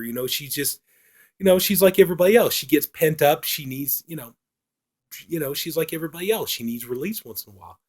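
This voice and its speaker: A man's voice: medium pitch, darkish tone. A man reviewing a film in a casual, rambling retelling, full of fillers.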